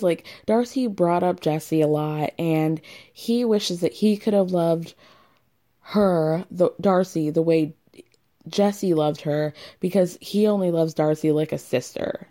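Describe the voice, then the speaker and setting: A young woman talks casually into her podcast mic, sassy and quick to laugh. Her voice sits low and sounds warm and mellow. She recaps reality TV like she is gossiping with friends. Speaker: podcast host.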